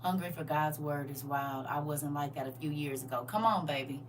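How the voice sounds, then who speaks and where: A woman's voice: sits low, moderate pace, far from the mic, background noise. A woman hosting a casual faith livestream, laughing and talking straight to her viewers while she reads their comments.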